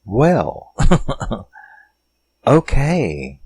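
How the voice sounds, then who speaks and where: Slow, low-voiced man rambling about movies. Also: a little mellow, poor audio. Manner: rambling, profane, chuckling, lots of filler words. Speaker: horror film reviewer. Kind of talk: casual film review monologue.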